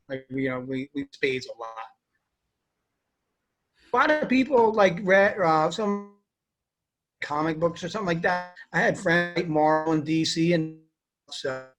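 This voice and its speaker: Rambling young army veteran, fairly high voice. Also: male voice, a bit bright. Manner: rambling, many fillers like "you know". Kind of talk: casual interview answers.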